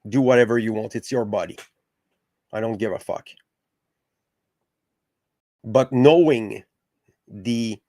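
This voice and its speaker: Slow, profane, heated man. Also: mid-range voice, darkish tone, no echo, studio quality. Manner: profane, passionate, halting with restarts. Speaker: podcast host. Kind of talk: heated casual discussion.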